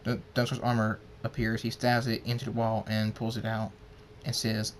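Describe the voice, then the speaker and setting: A man reading a fan story aloud, halting and restarting words. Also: fairly low pitch, completely flat delivery, noisy background. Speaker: fan fiction reader.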